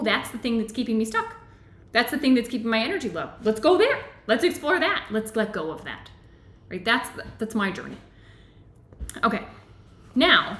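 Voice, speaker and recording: A woman's voice: medium pitch, fairly bright tone, echoey room. A woman hosting a live online book club, reading from a book and explaining it in an earnest teaching voice, often checking in with "right?".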